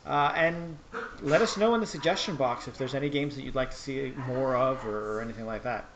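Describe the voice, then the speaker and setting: A man's voice: mid-range voice, a little fast, noisy background. A man hosting a tabletop game stream, wrapping up the night and announcing the schedule in a casual, upbeat way. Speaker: show host.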